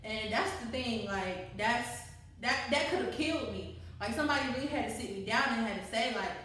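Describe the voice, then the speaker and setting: A young adult woman telling a personal story to listeners in a candid, animated way, often laughing and talking straight to them. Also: a little high, fairly quick, distant mic, slight background noise. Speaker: co-host. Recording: very echoey room, away from mic.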